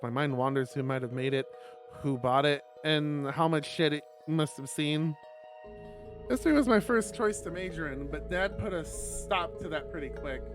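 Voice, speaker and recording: A young man streaming, reading a visual novel aloud with laughing, rambling asides. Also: a little high.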